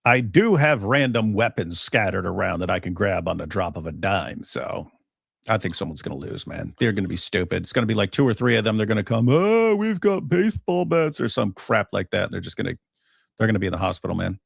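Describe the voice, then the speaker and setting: A man's voice: deep voice, fast talker, vocal fry, a bit bright, slightly rough, no echo, clean studio sound. A man co-hosting a livestream in casual chat, rambling and laughing at his own jokes. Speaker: co-host.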